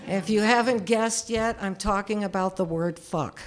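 A woman's voice: mid-range voice, normal speed, heavy background noise. A woman in her seventies telling a personal story in a candid, self-deprecating way, often chuckling. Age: 70s.

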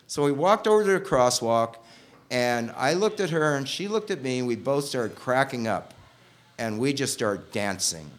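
Animated man telling a personal story. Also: moderate pace. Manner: emotional, voices quoted people with big pitch jumps.

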